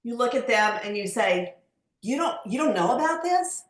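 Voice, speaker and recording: A woman's voice: on the high side, animated, normal speed. A woman giving sales advice on a team call, upbeat and enthusiastic with evangelical phrasing. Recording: roomy call audio.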